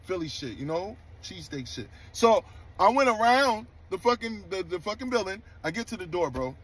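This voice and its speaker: A man with a high, light voice tells a backstage story in rough street slang. He talks in a loose, animated, profane way, quick to get worked up. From New York. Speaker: DJ telling a story. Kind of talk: casual storytelling clip.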